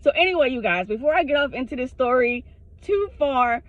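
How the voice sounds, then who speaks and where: Woman vlogger with a somewhat high voice, frank and profane, self-recorded on a dull-sounding camera mic. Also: fairly quick, dry recording. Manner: frank, animated, swears freely. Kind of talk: casual storytime monologue.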